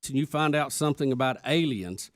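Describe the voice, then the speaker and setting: Radio co-host guy, bouncy animated storytelling, dead dry studio mic. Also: mid-range voice, brisk, dry recording. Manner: animated storyteller, does voices while telling stories. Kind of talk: casual radio talk show banter.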